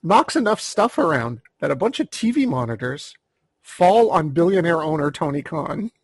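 Gravelly, husky man telling a story. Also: fairly high pitch, very animated, moderate pace, dry recording. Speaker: podcast co-host. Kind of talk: casual storytelling chat.

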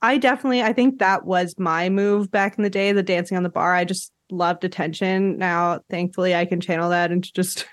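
Laughing, animated woman podcaster. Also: fairly quick, few pauses, no room sound, studio quality. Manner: animated, laughs often, acts out quotes in high voices. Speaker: podcast host. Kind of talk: casual chat recapping a reality show.

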